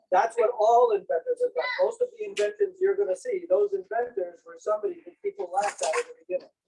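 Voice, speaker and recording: A man's voice: very high-pitched, darkish tone, distant mic, a little hiss or hum, rough recording. A man presenting a traveling museum of inventions to a live audience, talking in a playful, joking way and pulling in volunteers. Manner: playful, jokey, audience-engaging. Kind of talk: interactive demonstration talk. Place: senior center room, indoors.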